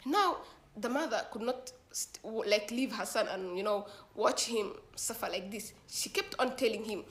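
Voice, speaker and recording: A woman's voice: on the high side, a little fast. A woman telling a story in a casual, slangy way, acting out the dialogue as she goes. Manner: slangy, animated retelling with quoted dialogue.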